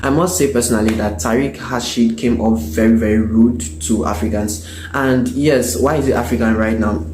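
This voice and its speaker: A man giving a measured opinion monologue, pausing on fillers and correcting himself as he goes. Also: medium pitch, steady tone. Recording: echoey and noisy recording.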